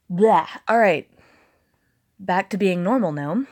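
A Southern woman vlogger with a slight accent and a fairly low voice talks candidly in a casual monologue. She speaks slowly with lively intonation and long pauses, and swears now and then.

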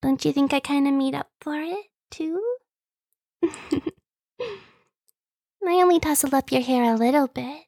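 A playful, clingy younger sister, as a woman acts her out, in a whispered role-play. Her high voice drifts slowly between soft breathy whispers and light giggles. The sound is dry and intimate, right up against the microphone. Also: no echo. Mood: teasing.

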